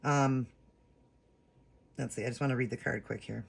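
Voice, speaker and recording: Gushing woman with a gravelly voice. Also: a bass voice, fairly even intonation, moderate pace. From United States. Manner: gushing and affectionate, many fillers. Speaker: vlogger. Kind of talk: casual chat to camera.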